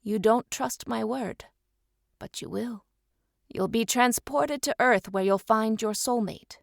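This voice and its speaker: A woman's voice: a little high, slow, gravelly, dry recording, studio quality. Woman doing a cool secretive male spy. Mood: quietly assured.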